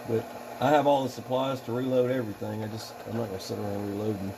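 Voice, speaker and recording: A man in his thirties, a channel host making knife gear, rambles casually at his bench and chuckles to himself while talking to viewers. His voice sits on the low side with little pitch movement, and he speaks quickly over a noisy background.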